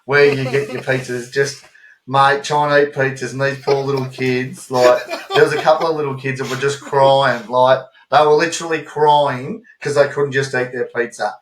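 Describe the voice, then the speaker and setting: Australian male podcast co-host with a mid-range voice, animated casual storyteller, recorded in an echoey room. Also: medium pitch, moderate pace, slight background noise. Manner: animated storytelling, swears freely. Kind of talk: casual chat. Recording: roomy echo.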